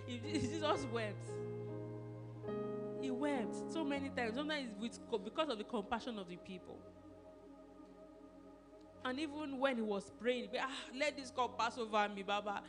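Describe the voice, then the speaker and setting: A woman pastor with a Nigerian accent, preaching in a conversational way, often asking "do you understand?" and laughing. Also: on the high side. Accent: Nigerian English. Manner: animated, asks the audience questions, laughs often. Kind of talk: conversational sermon. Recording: music playing behind her.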